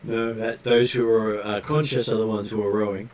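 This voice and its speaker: A man narrating a tabletop game as game master, pausing often on fillers as he describes scenes. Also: lowish voice, steady tone, a little mellow. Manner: hesitant, filler-heavy narration.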